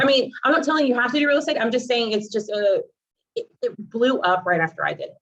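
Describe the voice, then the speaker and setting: A realtor who also posts on social media chats casually, acting out the dialogue in her stories. Her voice is fairly high and fast, and the recording sounds muffled.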